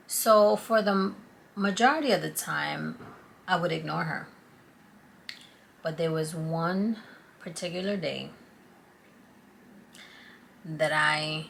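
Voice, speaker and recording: Woman, vlogger, gravelly low voice, animated storytelling, faint background hiss. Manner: animated, confiding, acts out quotes. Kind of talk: casual storytelling to camera.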